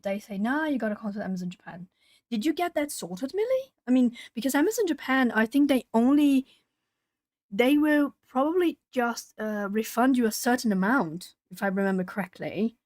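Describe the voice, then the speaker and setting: A woman hosting a live art-channel stream, chatting casually with viewers and breaking into lively retold exchanges. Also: a little high, moderate pace, dry recording. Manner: chatty, talking to chat while colouring; animated when retelling stories. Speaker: YouTube art channel host. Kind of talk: casual livestream chat.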